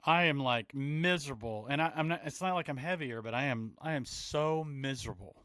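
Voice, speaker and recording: A man's voice: medium pitch, a little fast, fairly bright tone, no echo. A tired man co-hosting a podcast, chatting casually late at night in a self-deprecating way. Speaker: podcast co-host.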